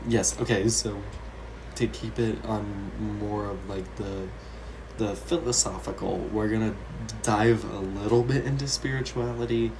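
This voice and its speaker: A man's voice: fairly low pitch, fairly even intonation, unhurried. A man co-hosting a casual podcast, rambling and giggly, swearing often as he muses aloud. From United States. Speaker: podcast co-host. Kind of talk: casual chat. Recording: noisy podcast recording.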